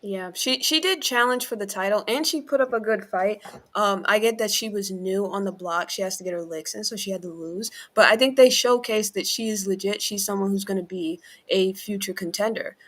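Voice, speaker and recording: Bright-voiced woman breaking down wrestling. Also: medium pitch. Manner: measured, explains her view with qualifiers. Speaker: podcast co-host. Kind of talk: casual wrestling review chat.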